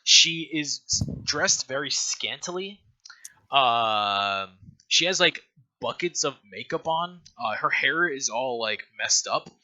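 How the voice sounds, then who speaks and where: Bright-voiced male game master. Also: mid-range voice, expressive, takes it slowly, poor audio. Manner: loose, filler-heavy narration with frequent laughs. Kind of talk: narrating a tabletop game.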